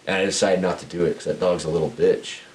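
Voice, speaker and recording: A young man with a low voice tells a loose, rambling story on a casual podcast and keeps starting his sentences over. A faint hiss sits under the recording. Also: steady tone, fast talker, darkish tone. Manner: rambling, laughing storyteller with many restarts. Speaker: podcast co-host.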